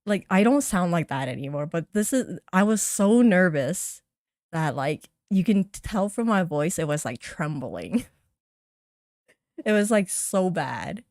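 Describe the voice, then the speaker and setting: Lively, self-teasing woman streamer. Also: lowish voice, a little slow, dry recording, clean studio sound. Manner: animated, self-teasing, laughs often. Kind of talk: casual chat reacting to her old stream.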